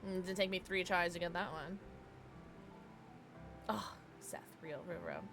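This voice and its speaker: A woman's voice: on the low side, fairly even intonation, a little slow, gravelly, over music. A young woman streaming a game, chatty and giggly, chatting with her viewers and sometimes trying on silly accents. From Southern US. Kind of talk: live gameplay commentary.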